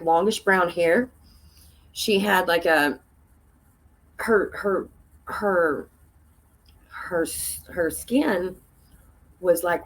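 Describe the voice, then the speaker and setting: A woman, a podcast guest telling a story casually, laughing often and acting out what people said in a raised voice. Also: rough recording. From Tennessee. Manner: animated, laughs often, acts out quoted voices in a higher pitch.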